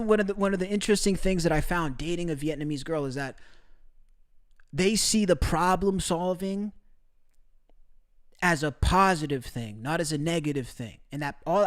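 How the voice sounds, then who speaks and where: A young man casually talking to his live-stream chat, laughing often, cursing and calling viewers bro. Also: on the high side. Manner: crude, laughing, brotherly slang.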